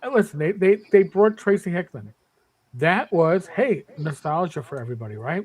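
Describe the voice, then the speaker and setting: High-voiced emphatic man in his fifties. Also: expressive, moderate pace, a little mellow, breathy edge, poor audio. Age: 50s. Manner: emphatic, rambling with many restarts. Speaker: podcast panelist. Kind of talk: casual panel chat.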